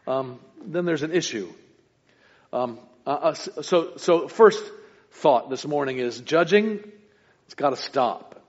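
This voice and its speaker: Male pastor, sermon delivery, earnest with emphatic peaks, slightly high voice, dull lo-fi recording. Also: lively intonation, slow, long reverb tail. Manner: earnest preaching with sudden emphatic rises; stumbles and restarts between points. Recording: muffled lo-fi recording.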